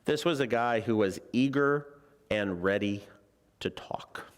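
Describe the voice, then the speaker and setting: A man's voice: fairly low pitch, measured pace, smooth. A male preacher teaching a Bible lesson in a church in a chatty, joking way, often putting questions to the congregation. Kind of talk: conversational sermon. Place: church sanctuary.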